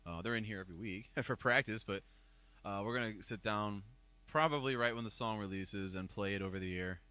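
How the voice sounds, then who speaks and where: A man with a Northeast Ohio accent, chatting casually as a podcast co-host and talking excitedly about his band. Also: on the low side, fairly quick, no room sound. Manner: animated, excitable storytelling. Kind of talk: casual chat.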